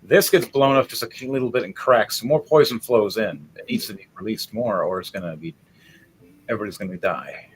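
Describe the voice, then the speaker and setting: A man runs a tabletop game, narrating with lively energy. He swings from loud, excited bursts to low, hurried asides. A faint hiss sits under his voice. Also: rough recording. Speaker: game master.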